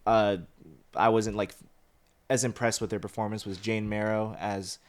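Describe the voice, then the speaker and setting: Brief: young male co-host, lower voice, loose and rambling in movie chat. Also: flat delivery, moderate pace. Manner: rambling with many "like" fillers and restarts. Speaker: co-host of a movie review show. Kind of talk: casual movie discussion.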